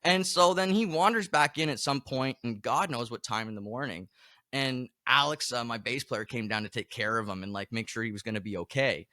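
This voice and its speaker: A man's voice: medium pitch, a little fast, no room sound, studio quality. A man hosting a podcast, chatting casually and telling stories with exaggerated complaints. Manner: animated storyteller, exaggerated complaints. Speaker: podcast host. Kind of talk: casual chat.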